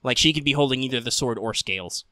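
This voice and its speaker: A young man co-hosting a casual podcast, rambling about an anime with plenty of swearing and deadpan quoted lines. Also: medium pitch, quick pace, dry recording. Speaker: podcast co-host.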